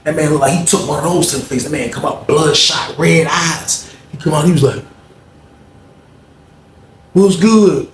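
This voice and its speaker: A man casually telling a story, animated and acting out the people he quotes in a higher voice. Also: a little fast, hardly any pauses. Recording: echoey room with faint noise.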